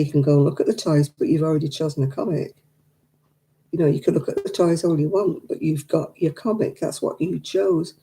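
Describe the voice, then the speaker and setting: A woman's voice: deep voice, mellow. An older woman, telling stories in casual chat and acting out the dialogue. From England. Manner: chatty, acts out quoted dialogue. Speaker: craft night participant.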